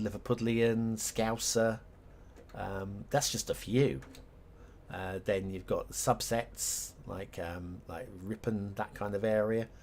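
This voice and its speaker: A man's voice: fairly low pitch, darkish tone, a little hiss or hum. A middle-aged man chatting casually on a live stream, rambling and self-mocking as he laughs at his own jokes.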